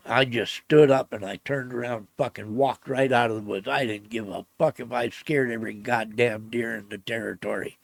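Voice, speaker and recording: A man's voice: medium pitch, fairly even intonation, normal speed, hardly any pauses, no echo. A middle-aged man telling a personal story in casual speech, blunt and swearing often. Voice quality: gravelly. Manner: blunt, swears constantly, grows heated and loud. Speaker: storyteller recounting a personal event.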